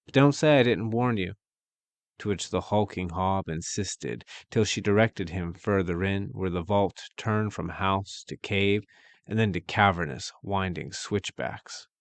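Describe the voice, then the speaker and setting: Deep-voiced man narrating a dark tale. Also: dry recording. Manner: measured, dramatic, archaic phrasing. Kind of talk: scripted storytelling narration.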